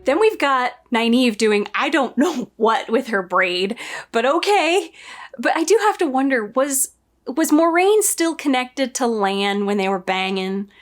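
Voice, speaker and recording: A woman's voice: sits high, expressive, unhurried, soft background music. A woman casually reviewing a show against the book, sarcastic and exasperated as she reacts.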